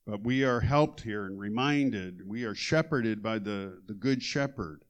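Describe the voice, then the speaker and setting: A man preaching a sermon, reading scripture aloud with emphatic, measured delivery. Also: lowish voice, expressive. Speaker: pastor.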